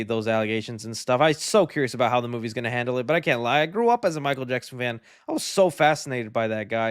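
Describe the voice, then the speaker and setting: A man hosting a casual livestream, chatting in a relaxed, friendly way while answering viewer donations. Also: mid-range voice, clear, resonant tone, no echo, studio quality. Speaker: livestream host.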